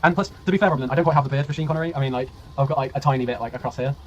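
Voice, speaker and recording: A man casting a strategy game tournament on a live stream, chatty and laughing, with a tiring voice that he keeps clearing. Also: mid-range voice, rapid-fire, dull audio, a little hiss or hum. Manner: chatty, laughing, rambling, swears, reads chat aloud. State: voice tiring, clearing throat often. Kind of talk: casual live-stream commentary.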